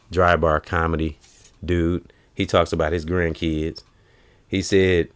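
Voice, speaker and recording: Hosting a casual conversation, this man speaks in a low, deep register. He recounts comedy bits and keeps leaping into exaggerated high-pitched voices whenever a punchline lands.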